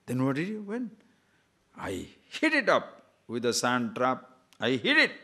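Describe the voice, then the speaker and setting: A man's voice: mid-range voice, a little slow. A man giving a spiritual discourse, telling jokes and short stories, repeating phrases and asking listeners questions. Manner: lively, repetitive, jokes and chuckles, asks listeners questions. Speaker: spiritual teacher.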